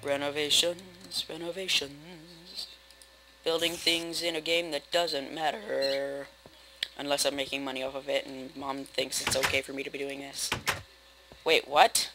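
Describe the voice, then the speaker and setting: A young man rambling through casual, self-mocking commentary while playing a building game, with sudden loud outbursts. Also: mid-range voice, little pitch movement, moderate pace, noisy background. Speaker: gaming video host. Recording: game music playing behind. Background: game music.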